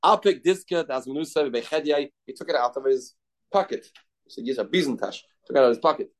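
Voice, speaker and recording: A man giving a daily Talmud class, retelling the rabbis' exchanges with animated back-and-forth and Aramaic terms mixed into his English. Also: mid-range voice, fast, poor audio. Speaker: Talmud teacher. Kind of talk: daf yomi lesson, retelling a Talmud story.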